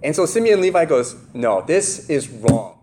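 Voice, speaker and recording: A man with a fairly high voice preaches a casual sermon at normal speed over a noisy background. He's animated and often acts out the story's characters in their own voices, with plenty of fillers and laughter.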